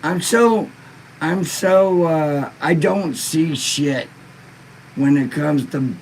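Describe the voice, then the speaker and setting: A man's voice: fairly high pitch, extremely slow, creaky, slight background noise, poor audio. A laid-back man hosting a live-stream podcast, stoned and in pain, reading viewer comments in a rambling, profane way. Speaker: livestream podcast host.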